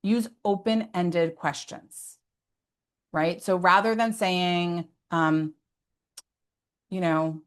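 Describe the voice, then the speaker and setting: A woman's voice: on the low side, extremely slow, long pauses. A woman giving parenting advice in an earnest, conversational way, often adding "like" and "right?" as asides. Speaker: behavior specialist.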